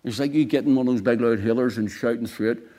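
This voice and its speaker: A man preaching a sermon, swinging between quiet, low lines and loud, emphatic bursts. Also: fast talker.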